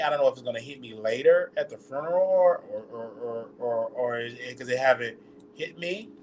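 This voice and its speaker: A man hosting a personal vlog, halting and repeating words as his voice breaks with grief, close to tears. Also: medium pitch, slight background noise. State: on the verge of tears. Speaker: channel host.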